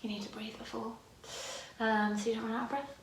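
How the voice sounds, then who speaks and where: A woman choir director with a slightly high voice, flat delivery and a somewhat fast pace teaches parts by singing them. Her voice is tired today, so she uses head voice, chatting and correcting herself as she demonstrates lines. The room is reverberant, with slight background noise.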